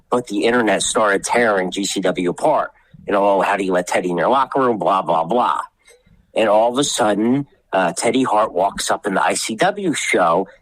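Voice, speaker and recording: Low-voiced man telling wrestling stories. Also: fairly bright tone, no echo, low-quality recording. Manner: rambling storyteller, acts out the people he quotes, swears. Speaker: wrestling promoter guest. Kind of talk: casual podcast storytelling.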